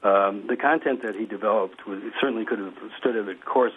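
A man's voice: lowish voice, fairly quick, slightly rough, narrow, tinny audio. A man calling in to a radio show, joking and chuckling. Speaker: caller. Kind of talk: radio call-in chat.

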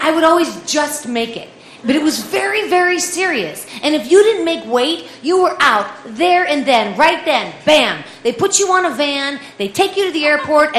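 A high-voiced woman in her forties spins a comic personal story with animated energy, slipping into other people's voices. Her tone is bright and sharp, recorded in an echoey room with a faint hum of ambience behind her.

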